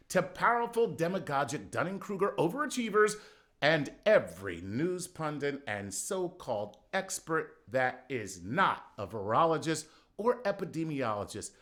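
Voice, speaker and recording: A man's voice: mid-range voice, sing-song, normal speed, a bit bright. A middle-aged man doing a sarcastic comedy monologue, punchy, with sudden outbursts.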